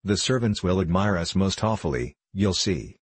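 A man's voice: low voice, lively intonation, moderate pace, husky, no room sound. A man voicing a sensible, polite eldest girl in a storybook, speaking decidedly.

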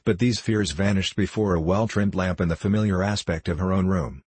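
Deep, husky male audiobook narrator. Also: fairly quick, darkish tone, no room sound. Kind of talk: scripted narration of a classic novel.

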